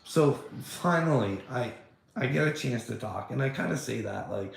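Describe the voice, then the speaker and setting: A man's voice: medium pitch, lively intonation, moderate pace, vocal fry. A man in a casual, rambling monologue, swearing often and stumbling over his words. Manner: rambling, profane, frequent restarts; laughs between remarks. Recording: echoey room.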